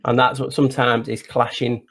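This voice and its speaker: A man's voice: medium pitch, little pitch movement, moderate pace, fairly bright tone. A man from near Liverpool with an English accent, a guest explaining ideas in an easygoing, casual chat. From England, near Liverpool.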